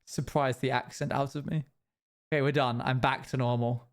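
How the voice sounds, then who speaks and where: A man's voice: mid-range voice, steady tone, normal speed. A young man streaming a game, chatting casually with viewers and putting on an exaggerated posh British accent. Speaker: live streamer. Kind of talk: casual gaming stream chat.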